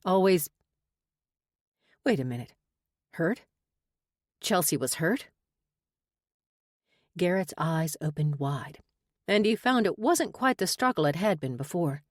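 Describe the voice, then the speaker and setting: A woman narrating a romance audiobook in a measured, expressive reading. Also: on the low side, no echo, clean studio sound. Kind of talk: scripted narration.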